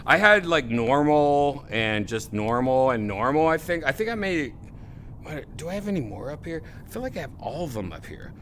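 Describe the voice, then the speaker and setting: A man's voice: a little high, sing-song, normal speed, a bit bright, a little hiss or hum. A man hosting a podcast, in loose casual chat with rambling, laughing riffs. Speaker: podcast host.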